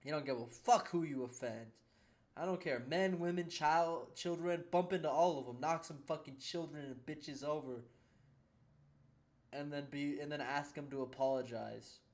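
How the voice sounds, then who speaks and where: A man co-hosting a casual reaction show, giving crude, deadpan mock advice. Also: a little high, normal speed. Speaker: co-host.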